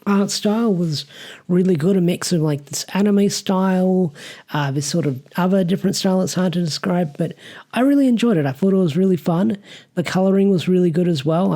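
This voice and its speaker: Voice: medium pitch, dark tone. A reviewer with an Australian accent, talking through a story in a casual, rambling way with many fillers. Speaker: comic reviewer.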